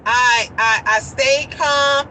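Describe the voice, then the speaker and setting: High bright-voiced woman telling a story. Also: very slow, a little hiss or hum, poor audio. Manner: animated storytelling, repeats phrases, quotes others. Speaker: vlogger. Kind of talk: casual storytime vlog.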